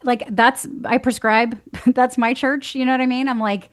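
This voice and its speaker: A woman guest on a podcast, chatting casually, animated and laughing as she tells stories and acts out other people's words. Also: a little high, normal speed. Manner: animated storyteller, acts out quoted voices, laughs often. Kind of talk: casual conversation.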